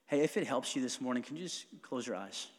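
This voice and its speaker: Speaking at a typical middle pitch for a man, this pastor delivers his sermon animatedly and conversationally, breaking into quick laughing asides between points. The sound carries the long hall reverb of the sanctuary.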